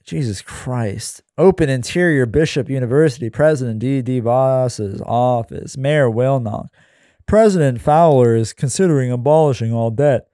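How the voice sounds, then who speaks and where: A man reading his screenplay aloud in a deadpan, weary way with sarcastic asides. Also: mid-range voice, normal speed, no echo, studio quality.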